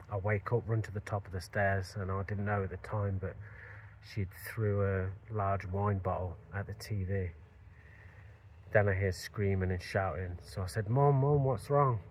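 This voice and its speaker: Man with a fairly low voice recounting a personal story, earnest and reflective. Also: a little hiss or hum. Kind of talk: personal story told to camera.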